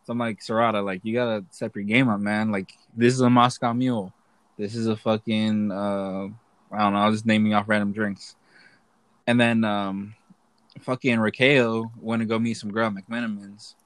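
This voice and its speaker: A man's voice: fairly low pitch, flat delivery, normal speed, fairly bright tone, no room sound. A young man chatting casually, rambling and cursing as he tells funny stories, laughing often. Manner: rambling, profane, laughs a lot. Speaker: soldier telling stories. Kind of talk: casual chat.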